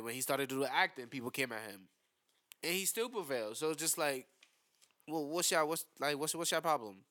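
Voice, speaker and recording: A man's voice: medium pitch, a bit bright. A man co-hosting a podcast in casual chat, blunt and heated, with many fillers and stammered restarts. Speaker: podcast co-host.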